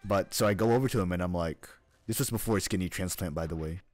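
A man's voice: low-pitched, fast, darkish tone. A man in his twenties chatting casually while gaming, telling a rambling story and laughing often. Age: 20s. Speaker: streamer.

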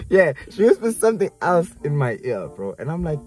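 A man's voice: a little high, very animated, normal speed, darkish tone, faint music behind. A young man hosting a vlog, telling a story in a casual, slangy way and laughing often. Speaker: vlog host.

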